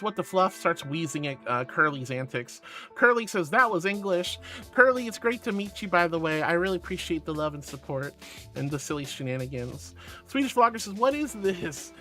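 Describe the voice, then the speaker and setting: Bright, playful male streamer. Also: fairly high pitch. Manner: playful, affectionate, reading chat aloud. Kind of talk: casual livestream chat.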